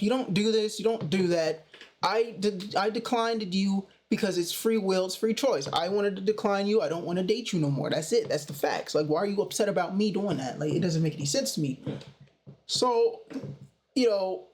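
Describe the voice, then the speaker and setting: A young man casually telling a personal story in a slangy, animated way. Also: high-pitched, normal speed. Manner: slangy, animated retelling with "bro" and "you know". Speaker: storytime vlogger.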